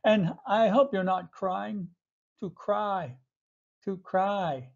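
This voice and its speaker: A man teaching basic English verbs, repeating each word slowly and clearly with light chuckles. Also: high voice. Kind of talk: slow vocabulary lesson for learners. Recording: dull lo-fi audio.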